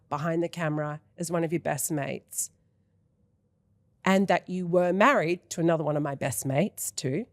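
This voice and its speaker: A woman in her thirties hosts a podcast from a studio, effusive and openly emotional, with casual swearing. Her voice sits on the low side for a woman. The sound is close and dry. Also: dry recording. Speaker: podcast host. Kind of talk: casual interview chat.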